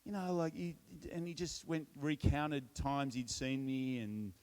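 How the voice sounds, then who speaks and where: A middle-aged Australian man tells a personal testimony at church in a relaxed storytelling style, full of self-deprecating humor and frequent restarts. His mid-range voice is clear and resonant, and he keeps a measured pace.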